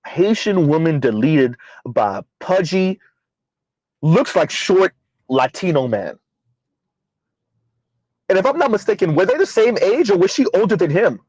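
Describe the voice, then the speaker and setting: A man's voice: high voice, big pitch swings, measured pace, long pauses, darkish tone, husky, no echo, poor audio. A man hosting a casual commentary stream, rambling with fillers, addressing his chat and calling himself by name in third person. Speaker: commentary channel host.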